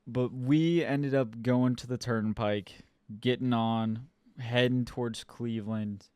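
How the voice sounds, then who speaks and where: Young man, smooth voice, dry close sound, swearing storyteller, casual podcast co-host. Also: medium pitch, slow pace, no room sound. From Ohio. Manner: swears a lot, animated and exasperated.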